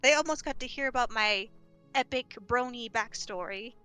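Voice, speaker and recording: A woman's voice: a little high, moderate pace, bright, forceful tone, clean tone, faint music behind. A woman with a nasal voice, chatting and joking casually while co-hosting a game stream. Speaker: streamer, co-host. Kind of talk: casual gaming chat.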